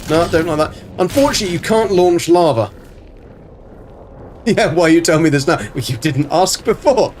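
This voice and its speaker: A man's voice: fairly high pitch, lively intonation, moderate pace. A man casually commentating a game on a live stream, chatting to viewers, swearing freely and greeting them by name. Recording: faint background music.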